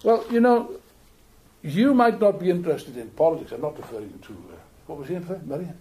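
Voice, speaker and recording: An older man from Wales with a Welsh accent, giving an animated, joking political speech to an audience in a meeting room. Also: a little high, brisk. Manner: animated, jokey, repeats words while building points. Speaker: political speaker.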